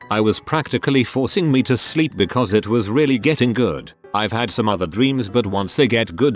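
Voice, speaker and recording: Guy with a lowish voice reading out posts, steady and even, some soft music under it. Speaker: narrator reading online posts. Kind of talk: scripted narration.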